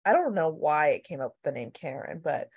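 Animated, foul-mouthed woman chatting. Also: sits low, fairly quick, slightly rough, muffled recording. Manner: animated, swears freely, acts out quotes. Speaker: podcast co-host. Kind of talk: casual chat recapping a TV show.

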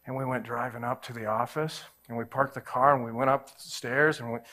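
A pastor in his forties, with a brisk mid-range voice, tells a personal story during a sermon. He's animated and acts out every voice in it.

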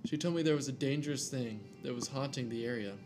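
A man's voice: medium pitch, quick pace, a little mellow, soft background music. Casual man reading a scary story. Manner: reads aloud with jokey asides and stumbles over names.

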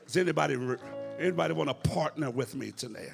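A man preaching a fervent Pentecostal sermon at a church service, swinging from hushed tones to shouting and breaking into tongues. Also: on the high side, expressive, fast talker, gravelly, music in the background.

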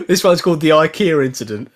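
A man co-hosting a casual podcast, reading short horror stories aloud and laughing often as he reads. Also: medium pitch. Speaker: podcast co-host.

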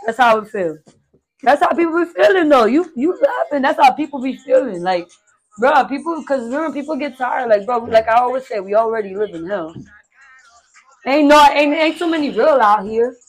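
A woman's voice: high voice, normal speed. A woman hosting a podcast in casual chat, blunt and profane, telling stories with lots of energy. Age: adult with a stepdaughter and son. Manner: blunt, profane, animated storytelling. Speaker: podcast host.

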